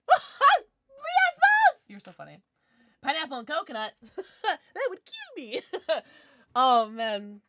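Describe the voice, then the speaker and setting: A woman's voice: mid-range voice, a bit bright. A young adult woman streaming live and chatting with her viewers, bubbly and giggly, with lots of "like". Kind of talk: casual livestream chat, reading chat.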